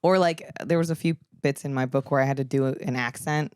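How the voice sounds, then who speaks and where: A woman's voice: very deep voice, fairly even intonation, fairly quick, a little mellow, clean tone, no echo. A woman comedian chatting casually as a podcast guest, with a dry, sarcastic-sounding delivery and plenty of swearing.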